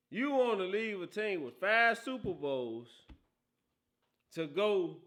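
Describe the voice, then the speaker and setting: A man's voice: high voice, sharp tone. A man hosting a casual football talk show, teasing and laughing often, with a habit of asking "right?". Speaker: host.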